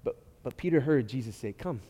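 Male pastor, mid-range voice, animated sermon storytelling with loud-to-soft swings, recorded in a reverberant hall. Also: medium pitch, a little fast, husky. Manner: animated storytelling, with frequent restarts and swings between loud and quiet.

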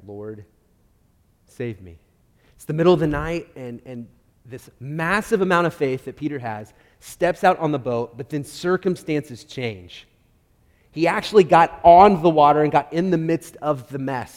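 Male pastor, mid-range voice, animated sermon storytelling with loud-to-soft swings, recorded in a reverberant hall. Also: medium pitch. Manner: animated storytelling, with frequent restarts and swings between loud and quiet.

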